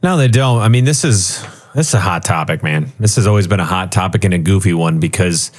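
A man talking as a guest expert on a radio show, animated and joking as he explains. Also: sits low, brisk. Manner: animated and joking, acts out quoted people. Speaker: guest author and retirement expert. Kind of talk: radio talk show conversation.

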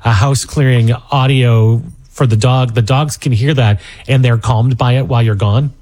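A man's voice: mid-range voice, steady tone, moderate pace, a little mellow. A man hosting a radio talk show, asking curious, jokey questions in a casual way.

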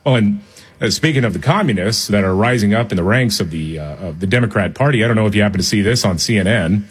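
A man's voice: lowish voice, animated, fast talker, slightly rough. A man co-hosting a talk radio show, giving blunt, sarcastic, opinionated commentary. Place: radio studio.

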